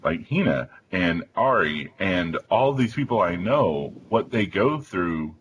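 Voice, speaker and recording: A man in his thirties hosting a round-table discussion, telling an animated story with acted-out family dialogue. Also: low voice, takes it slowly, a little hiss or hum, poor audio. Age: 30s. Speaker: podcast host.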